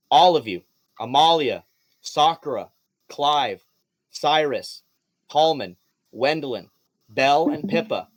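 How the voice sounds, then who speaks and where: A man narrating a live tabletop game as game master, animated and playful, slipping into quick character voices. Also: mid-range voice, dry recording.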